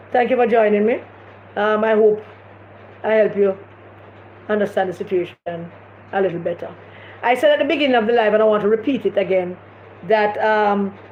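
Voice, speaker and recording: Impassioned Jamaican woman on a live stream. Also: fairly high pitch. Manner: impassioned, repetitive, emphatic. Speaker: political commentator hosting a live stream. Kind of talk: casual live-stream commentary. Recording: echoey room, dull lo-fi sound, faint noise.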